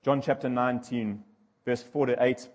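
A man's voice: medium pitch, steady tone, moderate pace, darkish tone, big-room sound. A male preacher delivering a sermon, emphatic and repeating key phrases as he builds intensity.

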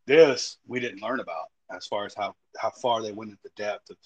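A man's voice: lowish voice, moderate pace, a little mellow, poor audio. A man, co-hosting a casual podcast chat in a crude, blunt way, swearing heavily. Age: 30s. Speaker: podcast co-host.

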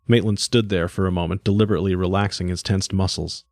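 A man reading a science fiction story aloud in steady scripted narration. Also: sits low, fast, gravelly, hardly any pauses, dry recording, studio quality. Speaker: audiobook narrator.

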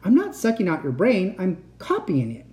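A woman voicing an unstable male inventor uncle in a storybook reading, excitable and pleading, turning soft and menacing. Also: medium pitch, normal speed, pitched above the performer's own voice. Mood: eager. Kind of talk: storybook read-aloud.

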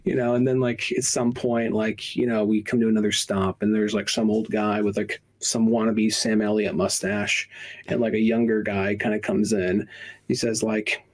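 A man in his thirties co-hosting a podcast, telling stories in casual, profane, animated chat. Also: fairly low pitch, moderate pace. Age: 30s. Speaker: podcast co-host.

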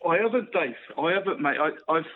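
A man's voice: a little high, expressive, fairly quick, narrow, tinny audio, slight background noise. A man from Cornwall co-hosting a football podcast, chatty, laughing often and calling everyone "mate". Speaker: podcast co-host. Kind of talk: casual football chat.

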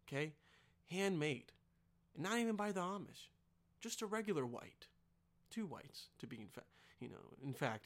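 Rowdy high-voiced male podcast host. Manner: rowdy, profane, loud outbursts. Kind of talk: comedic ad read.

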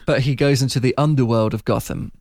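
A man recapping a film in casual chat, talking fast and laughing a lot. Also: mid-range voice, steady tone, vocal fry, noisy background. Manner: chatty, laughing, puts on voices when quoting.

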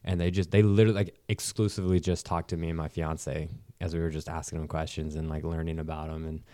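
A man's voice: rumbling low, flat delivery, fast talker, mellow, no echo. A young American man chatting casually in a rambling, profane, self-mocking way. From United States. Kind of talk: casual chat.

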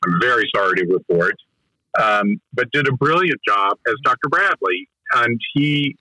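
A man with a bright, forceful voice tells behind-the-scenes stories in an interview. He talks eagerly and keeps restarting his sentences as he goes. The sound is close and dry. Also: medium pitch, expressive, moderate pace, no room sound, poor audio. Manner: enthusiastic storyteller with frequent restarts. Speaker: film director recounting a production. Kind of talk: conversational interview anecdote.

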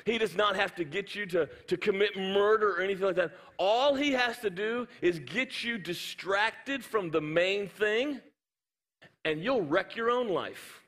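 Male pastor, high voice, lively sermon storyteller, hall echo. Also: a little slow. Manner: animated storytelling with sound effects. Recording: hall reverb.

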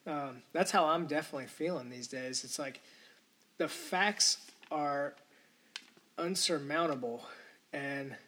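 A man's voice: on the high side, measured pace, pauses often, sharp tone. A man hosting a podcast, delivering a rambling, indignant solo rant full of profanity. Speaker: podcast host. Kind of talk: ranting solo podcast monologue.

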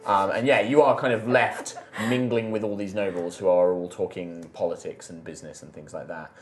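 A man's voice: sits low, steady tone, a little fast. A man running a tabletop game as game master, describing scenes with frequent restarts. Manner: rambling, self-correcting descriptions.

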